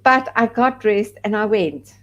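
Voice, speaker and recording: A woman's voice: mid-range voice, a little slow, highs cut off. A woman from South Africa, a podcast guest, candidly telling a personal story and acting out the people she quotes. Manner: candid, animated when quoting others.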